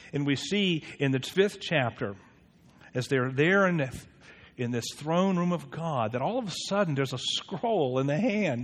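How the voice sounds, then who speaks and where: A man preaching a sermon as pastor, earnest and questioning, moving from a hushed prayer to animated teaching. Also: mid-range voice, in a large hall.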